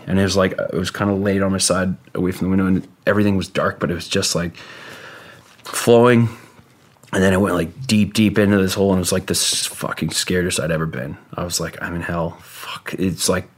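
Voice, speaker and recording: Brief: man with a very low voice, casual guest storyteller, rambling and halting, swears freely.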